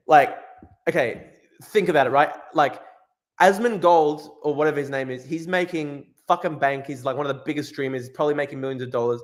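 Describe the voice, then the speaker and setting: A man's voice: fairly high pitch, brisk. A man hosting a casual livestream, ranting in a profane, incredulous way and repeating himself. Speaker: streamer host.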